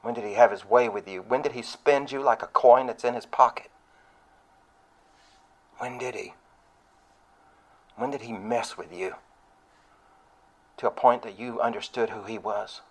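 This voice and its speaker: A male preacher delivers a sermon in a casual, emphatic tone. He fires off rhetorical questions and swings between soft, intimate stretches and punchy, louder lines. His voice sits at an ordinary middle pitch. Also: unhurried, pauses often.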